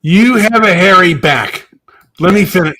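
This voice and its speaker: Man, co-host, bickering, high voice, sharp tone. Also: animated, measured pace, dry recording, low-quality recording. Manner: exasperated, bickering. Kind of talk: casual radio banter.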